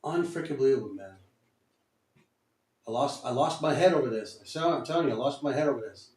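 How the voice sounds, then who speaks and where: A man's voice: mid-range voice, lively intonation, brisk, darkish tone. A man giving live commentary on his own day trades, muttering, cursing and repeating himself in frustration. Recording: roomy echo.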